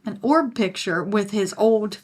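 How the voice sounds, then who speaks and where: A woman's voice: medium pitch, unhurried, a little mellow. A woman co-hosting a casual paranormal chat, eager and chatty as she shares her own experiences. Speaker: podcast co-host.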